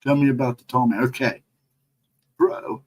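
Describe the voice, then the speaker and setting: A man's voice: mid-range voice, steady tone, normal speed, slightly rough, poor audio. A middle-aged man, co-host of a paranormal livestream, telling a personal story in a rambling, casual way and chatting with viewers between stories.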